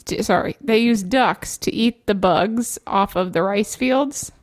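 A woman's voice: medium pitch, unhurried. A woman co-hosting a radio show, telling stories with lots of giggling. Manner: giggly, animated storyteller. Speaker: radio co-host. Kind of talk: casual banter.

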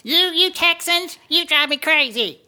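A man's voice: lively intonation, a little slow, pushed and bright, heavily acted. A man putting on a voice for an irritable male caller who rants at the hosts. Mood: cranky. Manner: high-pitched, cranky and contrary.

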